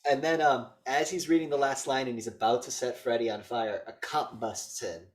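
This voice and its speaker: A man co-hosts a casual movie review podcast, his voice mid-range and his pace moderate. He excitedly summarizes the film, performing its lines and swearing a lot along the way.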